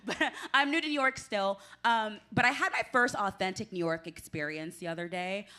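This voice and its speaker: A young woman from Washington, D.C. works through a stand-up set in a small club. Her voice is bright and sits in the middle of the range, and she talks in a chatty, self-deprecating way, laughing between jokes. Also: mid-range voice, moderate pace. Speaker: stand-up comedian. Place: small club stage with audience.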